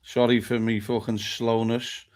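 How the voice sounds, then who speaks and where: A man's voice: mid-range voice, little pitch movement, measured pace, a little mellow. Sweary man hosting a fan show. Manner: sweary, blunt, reads out comments. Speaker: host of a fan talk show. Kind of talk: live fan show chat.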